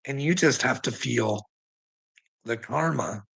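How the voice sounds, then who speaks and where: Gravelly man ranting at his chat. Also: mid-range voice, slow pace, fairly bright tone, low-quality recording. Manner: combative, profane, needling viewers by name. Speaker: livestream host.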